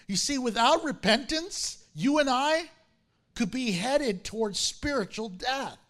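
A man preaching a sermon, telling the story in an animated way, acting out its characters, and laughing often. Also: very high voice, measured pace.

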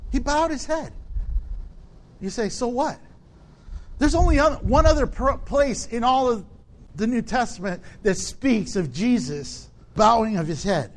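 A middle-aged male pastor preaching a sermon, animated and acting out the people in his stories. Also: a little slow. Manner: animated preaching, acts out quoted people in a high shout.

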